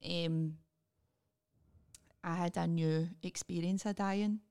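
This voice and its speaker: Scottish woman podcast host, stand-up, wry and sweary, relaxed chat. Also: lowish voice, slow pace, smooth. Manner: wry, deadpan jokes, sweary.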